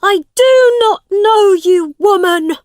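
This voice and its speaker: A woman's voice: very high-pitched, slow, dry recording, studio quality, voice pushed up. A woman voicing a young boy pretending to be king, speaking in a raised, strained boyish voice. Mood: angry. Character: boy posing as king, upset and defensive.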